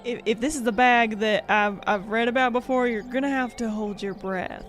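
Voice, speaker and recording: A woman's voice: a little high, fairly even intonation, normal speed. A woman playing a tabletop role-playing game, friendly and hesitant. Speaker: player.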